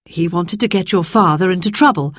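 A sorrowful, gentle mother speaks in a low, measured voice, as a woman reading a storybook voices her. There is a husky, breathy edge to her words, heard close and dry. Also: dry recording, lightly acted. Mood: sad calm.

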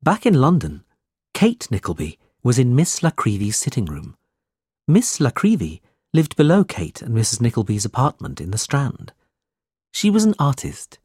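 A man narrating an audiobook in a slow, measured reading style. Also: medium pitch, huge pitch swings, darkish tone, slightly rough, no echo, clean studio sound.

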